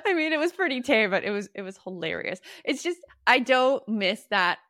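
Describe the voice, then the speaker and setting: A middle-aged woman co-hosting a podcast, telling lively family stories and acting out the voices of the people in them. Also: high voice, normal speed, dry recording, clean studio sound. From Arizona, US. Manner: animated storyteller, acts out quotes. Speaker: podcast co-host. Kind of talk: casual chat.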